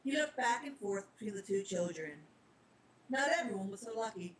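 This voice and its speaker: Woman, storybook narrator, soft plain reading, mid pitch, faint noise. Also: animated, moderate pace, low-quality recording.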